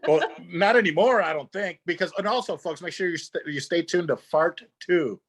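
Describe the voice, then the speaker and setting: A man's voice: high voice, fairly quick, a bit bright. A man co-hosting a casual talk show, telling jokey, self-deprecating anecdotes.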